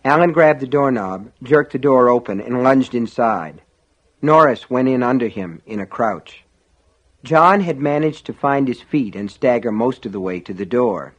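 A man reading an audiobook in a measured, dramatic storytelling manner. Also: mid-range voice, animated, fairly bright tone. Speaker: audiobook narrator. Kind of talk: scripted audiobook narration.

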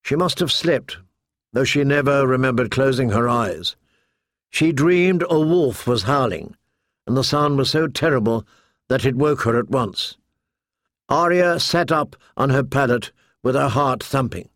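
An audiobook narrator reads a novel aloud, a man with a medium-pitched voice telling the story in a measured, even manner. This scripted narration is studio quality with no echo.

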